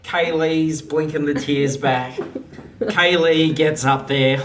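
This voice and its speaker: Slow, roomy-sounding game master. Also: mid-range voice. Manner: laughing, animated narration. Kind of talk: narrating a tabletop game. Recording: echoey room, from far off.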